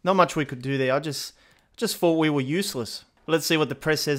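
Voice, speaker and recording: A man giving casual, chatty commentary over his own football game, often exasperated and getting excited at big chances. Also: on the high side, a little fast. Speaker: gaming YouTuber.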